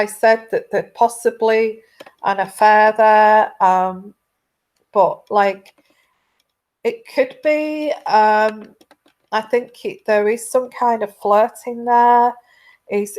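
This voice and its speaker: A woman giving a casual intuitive tarot reading, rambling with many halting restarts. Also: mid-range voice. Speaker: tarot reader.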